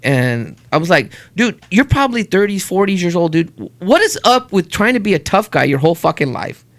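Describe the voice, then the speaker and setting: A man's voice: high voice, brisk. A middle-aged man co-hosting a podcast, telling stories and ranting in casual chat with lots of swearing. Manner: profane, animated storytelling, rants. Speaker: podcast co-host.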